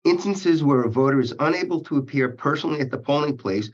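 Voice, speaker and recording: A man as an interview guest, speaking in measured legal phrasing, halting often with uhs and restarts. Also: on the high side, lively intonation. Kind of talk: policy interview. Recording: dull lo-fi sound.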